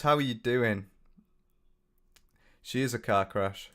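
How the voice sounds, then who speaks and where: A man's voice: mid-range voice, slow, fairly bright tone, clean tone. Blunt sweary British young man. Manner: blunt, sweary and mocking, often reading viewer comments aloud. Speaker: commentary YouTuber. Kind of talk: casual reaction commentary.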